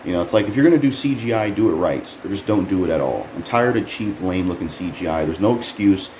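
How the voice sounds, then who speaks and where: A man casually reviewing a trailer, rambling and frustrated, swearing often and jumping up in pitch when he can't believe what he sees. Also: animated, fast, a little mellow. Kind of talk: casual profane commentary. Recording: echoey room with faint air conditioning hum.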